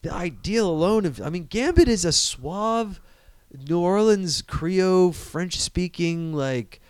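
A man hosting a casual chat, animated and profane, who rambles as he talks. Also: high voice, takes it slowly, clean tone, dry recording.

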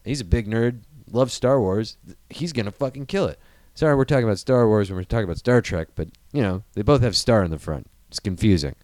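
A man hosting a casual nerdy podcast, talking in an excitable, profane and rambling way. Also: on the low side, a little fast, dry recording. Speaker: podcast host.

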